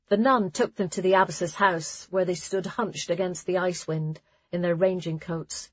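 A woman narrating an audiobook in a steady storytelling reading. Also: fairly low pitch, moderate pace, no room sound. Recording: dry, slightly dull lo-fi sound.

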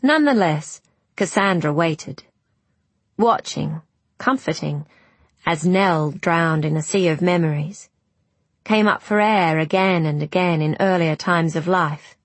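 A woman narrating an audiobook in a measured, restrained way. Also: fairly low pitch, no echo.

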